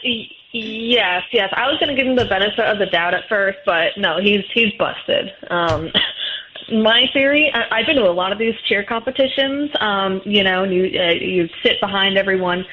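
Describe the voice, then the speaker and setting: A woman calling in to a radio show who speaks haltingly and with some hesitation. She comes through a muffled phone line with faint noise behind her. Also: mid-range voice. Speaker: caller. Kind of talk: phone-in call.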